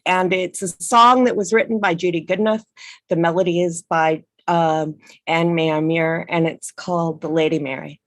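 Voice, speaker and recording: A woman folk singer who introduces her song earnestly with some hesitation, then sings a slow ballad unaccompanied over a video call. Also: fairly low pitch, fairly even intonation, no echo, clean studio sound. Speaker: festival singer.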